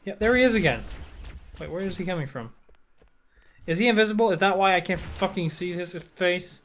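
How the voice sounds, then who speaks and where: In his blind let's play of a shooter, a young gaming host gets frustrated, curses, and taunts the enemies. His high voice is animated, brisk, and a bit bright, with a little hiss or hum on the recording.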